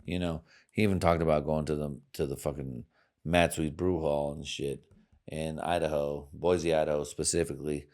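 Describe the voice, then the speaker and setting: A man hosting a podcast, swearing through a crude, rambling monologue with sudden swings in loudness and pitch. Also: fairly even intonation, normal speed. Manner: loud swings in volume and pitch. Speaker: podcast host.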